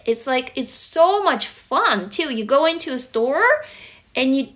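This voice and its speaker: A woman from Russia, hosting a casual livestream chat, gushing and excitable, swearing freely. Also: high voice. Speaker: livestream host.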